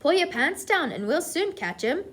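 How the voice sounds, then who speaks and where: A woman voicing rowdy male cooks, shouting and jeering loudly. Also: extremely high pitch, very animated, moderate pace, voice pushed up, heavily acted.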